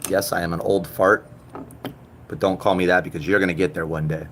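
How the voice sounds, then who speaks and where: A man in his thirties from Puerto Rico, chatting and joking with viewers on a live stream, jumping from loud outbursts to low mutters. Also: steady tone, a little fast, slight background noise. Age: 30s. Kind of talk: casual live-stream chat.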